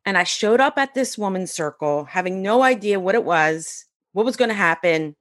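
Animated woman telling her story. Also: medium pitch, normal speed. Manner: animated, acts out quoted dialogue. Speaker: podcast guest. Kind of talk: casual storytelling interview.

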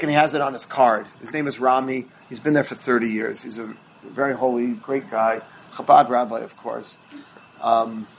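A man's voice: medium pitch, a little hiss or hum, rough recording. A middle-aged man, a rabbi, teaching a holiday workshop in a conversational storytelling way and now and then quizzing his listeners.

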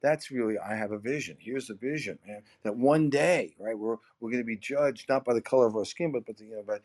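This middle-aged man speaks a little fast in a medium-pitched, slightly mellow voice while discussing sales on a podcast. His lively conversational delivery is emphatic and full of repeated words, with his voice rising and falling as he makes each point.

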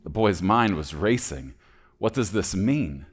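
Pastor, deep low voice, dramatic sermon storyteller. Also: male voice, lively intonation, unhurried, husky. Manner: dramatic narration, shifting pace.

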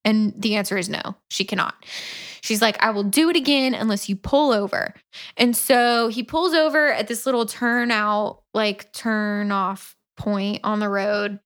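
A woman's voice: medium pitch, steady tone, unhurried, fairly bright tone. A woman co-hosting a podcast, retelling a story in casual chat with lots of laughter and swearing. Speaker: podcast co-host. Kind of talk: casual book review chat.

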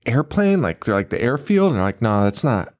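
A man's voice: mid-range voice, big pitch swings, a little fast, darkish tone. A man co-hosting a podcast, chatting casually and retelling scenes with acted-out quotes and lots of profanity. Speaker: podcast co-host. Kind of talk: casual chat.

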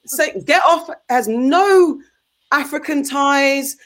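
Impassioned woman, high voice. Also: fairly bright tone. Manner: impassioned, halting restarts. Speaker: podcast co-host. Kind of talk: casual group chat.

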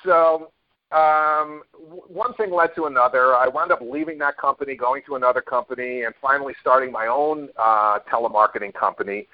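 A medium-pitched man recounts stories as an interview guest, wandering, full of fillers and restarts. The audio is muffled and lo-fi. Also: normal speed. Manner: rambling anecdotes with many fillers and restarts. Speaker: guest, network marketer. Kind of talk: casual storytelling interview. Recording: dull lo-fi audio.

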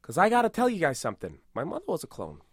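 A boastful, rambling tough-guy movie star, as a man puts him on for an improvised comedy podcast. He delivers absurd claims with a straight face, in a slightly higher voice than most men. The sound is dry and close. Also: racing, breathy edge, no room sound, heavily acted. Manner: rambling, self-aggrandizing, deadpan absurd.

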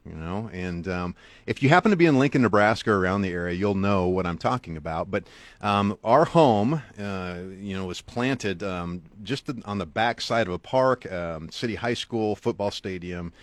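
A man's voice: lively intonation, normal speed, no room sound. A middle-aged man, an author and guest speaker, earnestly telling a motivational story to the listener with big swings for emphasis. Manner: earnest, talks straight to the listener; wide swings in pitch and loudness for emphasis.

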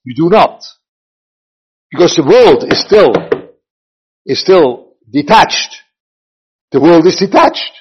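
A man's voice: fairly high pitch, sing-song, slow, long pauses, slight background noise. An older man, a rabbi giving an informal Torah lecture, rambling and repeating himself as he mixes in Hebrew and Yiddish terms. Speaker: rabbi teaching a class. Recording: dull lo-fi recording.

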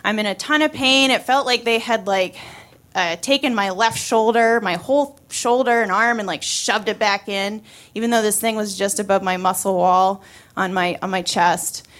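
A woman's voice: medium pitch, moderate pace, fairly bright tone. Wry, chatty woman telling a story. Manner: casual and wry, many fillers. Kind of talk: live personal storytelling.

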